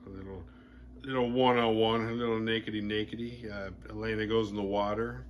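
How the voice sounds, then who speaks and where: A man hosting a horror movie podcast, retelling a film's plot in a casual, animated and playfully crude way. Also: on the low side, a little fast, a little hiss or hum.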